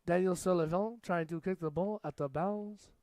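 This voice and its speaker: A young man calls a school rugby match in a relaxed, joking play-by-play. His voice is smooth and clear and sits a little high, and it is recorded close and dry. He chats between plays and yells out when something big happens. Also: normal speed, no echo. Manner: jokey, chatty, bursts into shouts at big plays. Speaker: match commentator. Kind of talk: casual play-by-play commentary.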